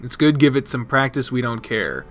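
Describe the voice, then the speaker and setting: A man's voice: medium pitch, big pitch swings, normal speed, fairly bright tone. A man streaming a visual novel, reading its text aloud and chatting casually with viewers, now and then swearing, with faint music behind him. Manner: casual, swears, chats with viewers between read lines.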